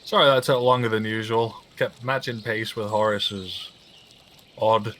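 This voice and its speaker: A man playing a gruff, proud male captain who gives orders firmly. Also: fairly low pitch, steady tone, a little slow, a bit bright, a little hiss or hum. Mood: commanding.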